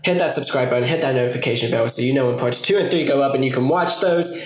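A man's voice: mid-range voice, fast. A young man giving casual, joking commentary while opening card packs, swearing often. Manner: excitable, swears a lot, jokey asides. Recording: echoey room with faint noise.

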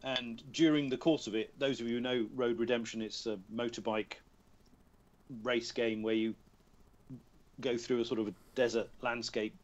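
A man's voice: mid-range voice, steady tone, normal speed, lo-fi sound. A man, a voice actor guest chatting on a podcast and telling amused stories about his work. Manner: chatty, self-amused storyteller. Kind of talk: casual podcast chat. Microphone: remote call.

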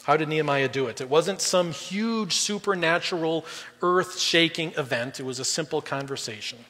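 Middle-aged male preacher, husky tone, fairly high voice, conversational sermon with loud and soft swings. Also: moderate pace. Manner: conversational preaching, swings between loud emphasis and quiet drops. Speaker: guest pastor. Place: church auditorium. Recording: long reverb in a large hall.

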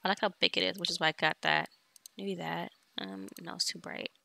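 A woman's voice: fairly low pitch, very animated, a little fast, creaky, bright, forceful tone. A young woman casually commenting on her life-sim game as she plays, chatting to viewers and bossing her characters around. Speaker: let's play streamer.

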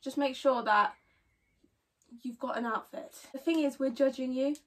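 A woman hosting a home vlog, chatting casually with lots of "like" fillers and quick giggles. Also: high-pitched, fairly even intonation. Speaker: vlogger host. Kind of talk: casual chat. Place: home bedroom. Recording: voice from a distance.

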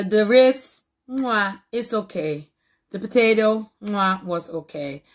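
A woman vlogging a casual food and TV reaction, talking in an excitable, emphatic way and repeating phrases, with TV audio behind her. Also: medium pitch.

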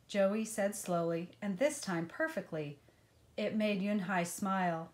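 A woman reading a children's picture book aloud in a gentle, unhurried way. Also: medium pitch. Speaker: storyteller.

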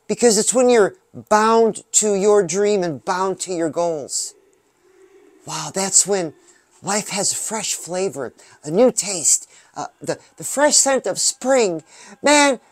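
A man giving an upbeat, preachy pep talk about dreams and goals, often breaking into drawn-out "oh yeah"s while presenting a music video. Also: high voice, no echo. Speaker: music video reactor and motivational vlogger. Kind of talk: motivational talk.

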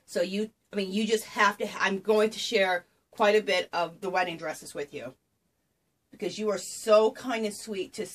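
A woman vlogging to her camera at home as she opens a package of craft gifts, gushing with breathless exclamations of delight. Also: mid-range voice. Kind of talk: excited unboxing chat to camera. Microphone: camera she sets up herself.

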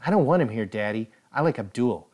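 A man's voice: medium pitch, animated, brisk, darkish tone, close to an everyday voice. A man voicing a spoiled, whiny young woman who dotes on her father. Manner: whiny, gushing.

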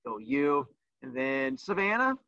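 Teasing animated male teacher. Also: medium pitch, unhurried, no echo. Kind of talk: livestreamed class lesson. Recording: dull lo-fi dry sound.

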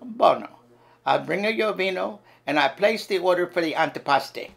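Theatrical Italian waiter, a man doing the voice, high and loud, put-on Italian accent, sing-song. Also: animated, normal speed, gravelly. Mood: effusive.

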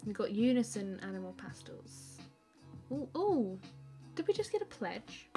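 A woman's voice: mid-range voice, sing-song, a little slow, warm tone, faint music behind. A woman chatting casually on a live stream while she draws, laughing often, rambling with plenty of fillers, and reading viewer comments aloud to answer them. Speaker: artist live-streaming a drawing.

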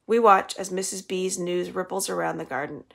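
A woman librarian reading a children's novel aloud in a steady storytelling manner. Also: fairly low pitch, normal speed, gravelly.

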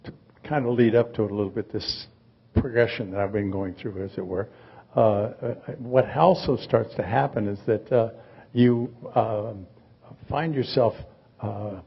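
A man in his eighties, a guest artist, talking in a rambling, halting way with dry humor in a live onstage conversation. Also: on the low side, creaky, husky, muffled recording. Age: 80s.

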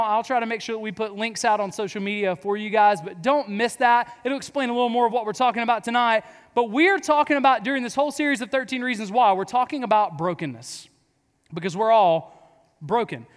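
A man in his thirties preaching to students, telling funny stories about himself in a casual, joking manner. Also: high-pitched. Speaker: youth pastor. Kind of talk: youth sermon. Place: large hall with audience. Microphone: clip-on mic. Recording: long hall reverb.

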